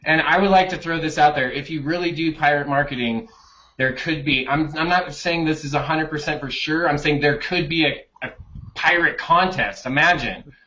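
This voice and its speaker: A man joking and riffing in a casual chat, playing up a mock sales pitch over a video call. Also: moderate pace, bright, forceful tone. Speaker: co-host marketing leader. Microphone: webcam on a video call. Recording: dull lo-fi video-call audio.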